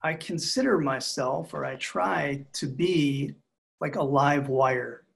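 This middle-aged man, a guest marriage expert in a podcast interview, delivers his points in a calm, measured, reflective way. His voice runs a little high, with a touch of vocal fry.

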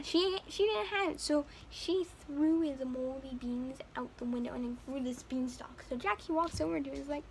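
A woman retelling a fairy tale in a chatty, rambling, animated way. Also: high voice, normal speed, gravelly, few pauses, a little hiss or hum. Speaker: storyteller. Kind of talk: casual story retelling.

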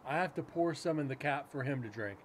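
A man's voice: medium pitch, expressive, a little fast, a little hiss or hum. A man hosting a paranormal livestream, chatting casually in a loose, rambling way with some swearing. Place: home room with a cat nearby.

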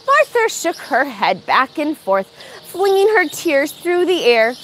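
A woman's voice: high voice, unhurried, a little hiss or hum. A woman reading a picture book aloud for storytime in a farm barn. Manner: animated, expressive.

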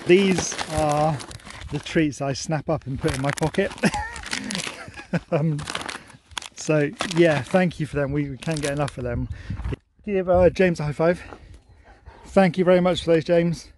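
Cheery young bloke, chatty dog-owner vlogger, slightly high voice, laughs a lot. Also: male voice, fairly even intonation, unhurried, long pauses, background noise. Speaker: dog owner thanking viewers for gifts. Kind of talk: casual vlog chat to camera and dog.

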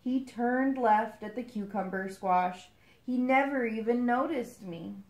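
A gloomy, forgotten stuffed elephant that talks slowly and with resignation, as a woman reads him. The voice stays plain and low-key, heard in an echoey room. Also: darkish tone. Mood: resigned. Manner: slow, resigned.

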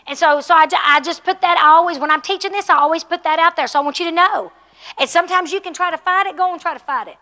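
Woman pastor, high and bright, teaching a class in a reverberant hall; chatty, asks the room questions. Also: fast. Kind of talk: sermon teaching. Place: church hall.

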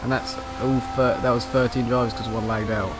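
A man's voice: mid-range voice, level tone, brisk, over loud music. A man co-commentating an online racing league, teasing and sarcastic. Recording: noisy game audio in background.

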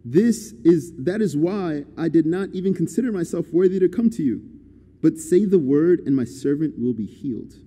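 A man preaching a sermon as a guest speaker, animated and swinging between quiet and loud passages. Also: fairly high pitch, normal speed. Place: church hall. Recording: church hall reverb.

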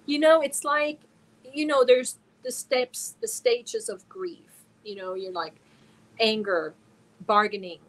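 A woman's voice: medium pitch, fairly bright tone, poor audio. A woman from Germany hosting a casual crochet livestream, talking earnestly and emotionally while reading viewer comments aloud. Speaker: crochet channel host.

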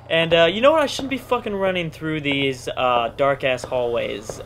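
A man's voice: on the high side, a bit bright. A man narrating his horror game playthrough, swearing and joking, then breaking into panicked screams. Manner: profane, jokey, panicky screaming. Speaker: gaming video creator. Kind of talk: horror game let's-play commentary.

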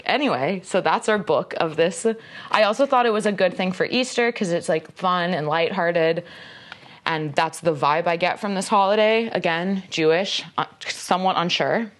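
Low-voiced chatty woman unboxing. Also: moderate pace. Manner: chatty, rambling, full of "like" and self-mocking asides. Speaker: magazine staffer presenting an unboxing. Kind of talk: casual unboxing chat.

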